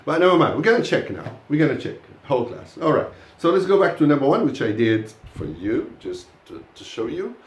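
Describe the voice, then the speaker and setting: Lively encouraging male English teacher. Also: a little high, brisk, hardly any pauses, reverberant. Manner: encouraging, lively praise of students. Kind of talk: live classroom pronunciation lesson.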